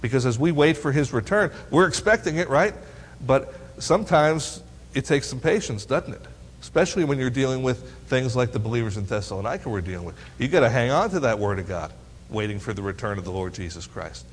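A man's voice: medium pitch, a little fast, slightly rough. A man teaching a Bible lesson to teens, reading verses aloud and quizzing his listeners with playful questions. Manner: asks the audience questions, teasing and lively. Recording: long hall reverb.

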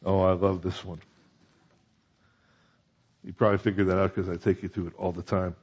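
A man's voice: low-pitched, flat delivery, normal speed, darkish tone, slightly rough, lo-fi sound. A male pastor preaching a conversational sermon, rising to emphatic peaks on key points.

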